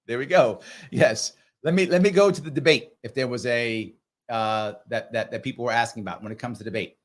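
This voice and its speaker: A middle-aged man hosting a live question-and-answer stream, talking straight to his viewers in a lively, conversational way. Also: medium pitch. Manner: animated, talks straight to viewers, acts out others in quick voices. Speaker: political commentator and livestream host. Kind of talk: live Q&A commentary.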